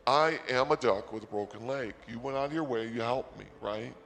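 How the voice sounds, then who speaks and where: Man putting on a stoned duck, low gravelly drawl, long echo. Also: fairly quick, fairly bright tone. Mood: earnest. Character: stoned injured male duck, drowsy and wounded.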